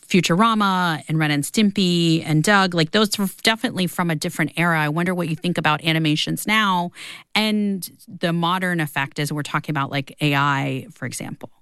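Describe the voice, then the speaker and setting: A woman's voice: on the low side, fairly quick, fairly bright tone, smooth, dry recording, studio quality. A woman hosting an interview, reading listener emails and asking conversational questions. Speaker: interview host.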